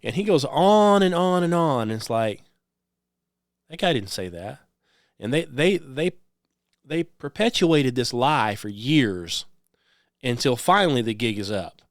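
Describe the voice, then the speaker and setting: A man's voice: medium pitch, expressive, measured pace, long pauses, no room sound, studio quality. A man hosting a radio show, talking in a rambling monologue that is peppered with "um" and "okay?". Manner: conversational, repeats "okay?" and "um" often.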